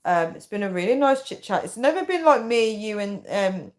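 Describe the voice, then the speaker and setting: A woman's voice: medium pitch, sing-song, normal speed. A woman in her thirties, tired and chatty, reading out comments on a casual live stream. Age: 30s. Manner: chatty and giggly, often breaking into laughter. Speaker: livestream host.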